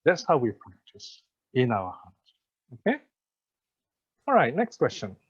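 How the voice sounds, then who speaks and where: A man's voice: mid-range voice, wildly swooping pitch, measured pace, slightly rough. An older man from Malaysia giving a Buddhist teaching over a video call, telling stories with frequent laughs and check-ins like "okay" and "you see.". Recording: dull video call audio.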